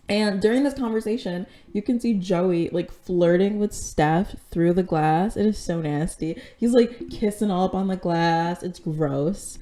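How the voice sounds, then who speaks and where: Woman podcast host, casual recap chat, slightly low pitch, relaxed mellow timbre, chatty with frequent fillers. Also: measured pace, few pauses. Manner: chatty and candid, lots of "like" and "um", swears casually.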